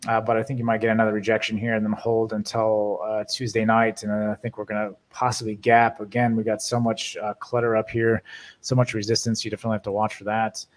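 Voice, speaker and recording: Guy going over stocks for the week, pretty flat voice, lots of uh and um. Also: fairly low pitch. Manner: many fillers and restarts, hedging predictions. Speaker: stock market video host. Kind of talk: casual market commentary over charts.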